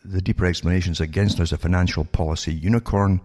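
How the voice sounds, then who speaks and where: A man's voice: deep voice, steady tone, fast, darkish tone. An older man commenting sardonically on news articles, throwing rhetorical questions at his listeners. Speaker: political commentator.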